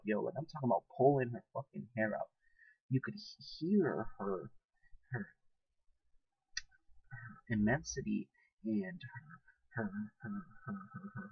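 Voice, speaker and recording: A young man talks straight to camera in a loose, profane vlog, laughing often. His voice is husky and close, with no room sound. The recording is dull and lo-fi. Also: mid-range voice, no echo. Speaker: vlogger. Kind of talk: casual monologue to camera.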